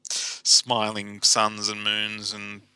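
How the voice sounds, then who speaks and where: A man's voice: lowish voice, monotone, very slow, sharp tone, clean tone, no echo, rough recording. A man, casually recapping comic book plots on a podcast with wry asides. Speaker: podcast co-host.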